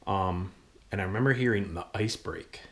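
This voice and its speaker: A young man from Michigan casually telling a hunting story to the camera, excitable and rambling with frequent ums and little laughs. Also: low-pitched, normal speed. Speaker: hunting channel host.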